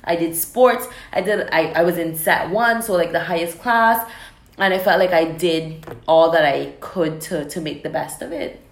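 A young Caymanian woman co-hosting a casual chat, lively and quick to chime in. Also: on the low side. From Cayman Islands. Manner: lively, quick to laugh and finish sentences. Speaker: podcast co-host. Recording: echoey room.

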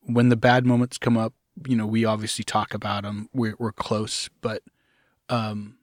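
A middle-aged man in an interview, telling his own story in a halting way, often restarting, sometimes acting out the voices he quotes. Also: on the low side, level tone, no echo, clean studio sound. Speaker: guest.

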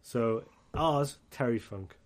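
A man's voice: medium pitch, takes it slowly. A man hosting a podcast in casual chat, rambling, swearing and laughing often. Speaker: podcast host.

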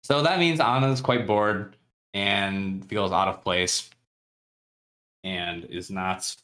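A man with a fairly low voice talks casually on his podcast, recapping a novel for a friend. He laughs often and slips into quick impressions of the characters as he retells their conversations. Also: fairly bright tone. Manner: chatty, laughs often, acts out characters' lines. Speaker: podcast co-host. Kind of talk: casual book recap chat.

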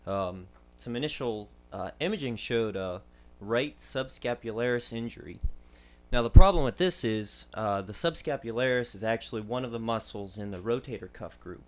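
Man, young adult, medical contributor, casual podcast chat, measured explanations, filler words. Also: medium pitch. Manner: measured, explanatory, with frequent ums and uhs.

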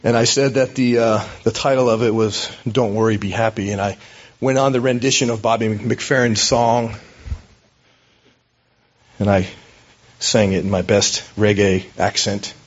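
A man's voice: fairly low pitch, steady tone, a little slow, muffled recording. A man preaching a sermon as a pastor, in a conversational, storytelling way with hesitations.

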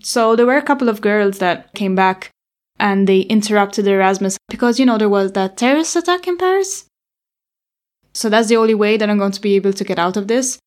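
A young woman tells a personal story straight to the camera. She talks openly and candidly, sometimes with an anxious edge as she recalls old worries. Her pitch sits in a middle range. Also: animated, fairly quick. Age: young adult.

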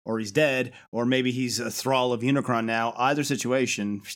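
A man recapping a cartoon with his co-host in easy, casual talk. His pitch stays ordinary and middle, and he chuckles through the story, dropping into quick impressions of the characters. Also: steady tone, a bit bright. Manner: laughs often, mimics characters' lines. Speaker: podcast co-host.

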